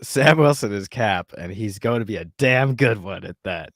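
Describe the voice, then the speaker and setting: A man's voice: lowish voice, lively intonation, moderate pace, fairly bright tone, no room sound, studio quality. A man hosting a casual podcast chat, reading an article aloud in a mocking tone with many fillers. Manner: mocking, with frequent fillers and laughs. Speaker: podcast host.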